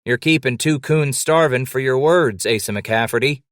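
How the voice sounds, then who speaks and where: A man voicing a rough frontier trapper who growls and curses bluntly. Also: medium pitch, moderate pace, no room sound, clean studio sound, voice pushed up, natural voice. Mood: gruff. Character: gruff, cursing trapper roused from sleep.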